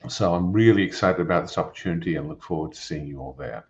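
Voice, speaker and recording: Older English-accented founder, deep and measured, on a dull muffled line. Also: male voice, darkish tone. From England. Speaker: company founder and chairman. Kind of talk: webinar introduction. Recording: muffled lo-fi audio with faint noise.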